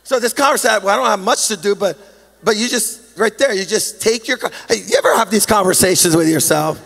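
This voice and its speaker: High-voiced preaching pastor, reverberant hall. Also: male voice, brisk, creaky. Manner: animated preaching, sing-song emphasis, self-deprecating humor. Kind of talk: sermon. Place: large church hall.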